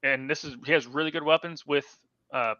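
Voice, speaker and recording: A fairly high-pitched man with a steady, pushed and bright tone talks fairly quickly while co-hosting a fantasy football podcast. It's casual sports chat, with him rambling, correcting himself, and trailing off. The recording is dry, on a dull lo-fi mic.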